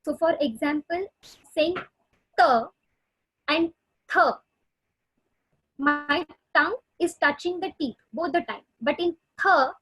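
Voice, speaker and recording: A woman therapist lectures in a webinar, her voice high and bright above most. The sound is dry and close, as on a video call. She explains step by step, pausing on fillers and restarting phrases. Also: no room sound, rough recording. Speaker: speech therapist presenter. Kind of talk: webinar lecture answering questions.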